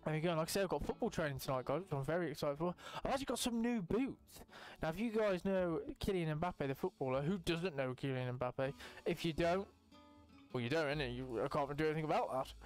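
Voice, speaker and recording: Young male gaming host, high-ish voice, hyped rambling banter, faint music under. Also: quick pace. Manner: excitable, rambling, swears casually. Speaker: gaming YouTuber. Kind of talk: casual let's-play commentary.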